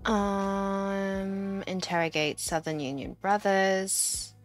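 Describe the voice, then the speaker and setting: A woman's voice: mid-range voice, little pitch movement, slow, faint music behind. A woman giving casual, chatty commentary as she plays a video game, reading objectives aloud and laughing at what happens. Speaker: gaming video host.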